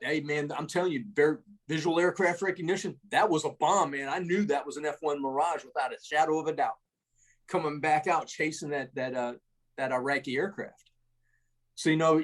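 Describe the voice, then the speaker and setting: A middle-aged man, an army veteran, telling war stories in a rambling, salty way, full of restarts and tags like "man" and "right?". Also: mid-range voice. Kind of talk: casual war storytelling.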